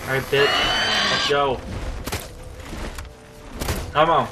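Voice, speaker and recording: A man giving live gameplay commentary, swearing and shouting at the game in frustrated outbursts. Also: medium pitch, steady tone, very slow, over music. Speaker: gamer streaming his playthrough.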